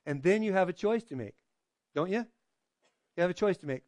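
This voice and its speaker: A man with a high-pitched voice delivers a conversational sermon, recorded dry with little room sound. He keeps checking in with his listeners and slips into quoted voices as he goes. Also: animated, fast talker, long pauses, darkish tone, no room sound. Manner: conversational preaching, frequent "right?" checks with the congregation. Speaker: pastor.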